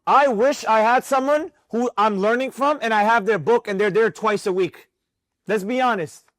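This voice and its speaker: A man teaching a live mentorship class on trading, talking in an animated, preachy way and repeating himself for emphasis, with students in the room. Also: high-pitched, normal speed, no room sound.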